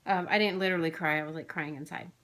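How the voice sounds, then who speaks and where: A woman's voice: lowish voice, fairly even intonation, fast talker, a bit bright. A woman, rambling chattily with lots of fillers as she vlogs about her craft haul. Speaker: flosstube vlogger. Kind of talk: casual chatty haul video.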